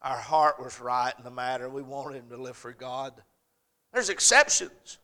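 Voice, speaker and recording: A middle-aged man preaching a sermon, swinging between loud urgent points and soft storytelling. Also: medium pitch, moderate pace.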